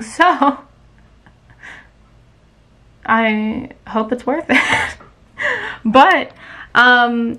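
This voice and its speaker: A young woman chatting casually in a book vlog, excitable and full of fillers. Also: mid-range voice. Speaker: book vlogger.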